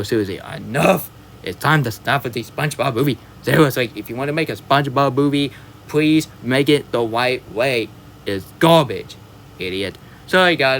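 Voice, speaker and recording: A man rants through a movie review in a vlog, rambling and circling back to the same points while apologizing along the way. His voice sits at an ordinary middle pitch. A faint background hiss runs under the recording. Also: fairly bright tone. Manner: rambling, repeats himself, keeps apologizing; exaggerated whooping yee-haw sign-off.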